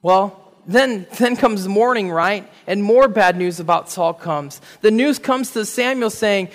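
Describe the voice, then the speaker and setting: A man's voice: sits high, a little slow, few pauses. A man preaching a sermon, retelling a Bible story in casual speech and acting out the figures' words with animation. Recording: reverberant hall.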